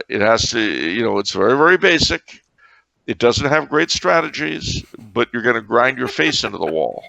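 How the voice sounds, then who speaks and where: Gravelly wry man, sarcastic storyteller. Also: mid-range voice, sharp tone, no echo, dull audio. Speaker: podcast co-host. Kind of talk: casual chat.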